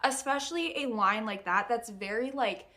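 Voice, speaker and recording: A young woman giving a casual, animated book review, exasperated and laughing often. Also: on the high side, normal speed.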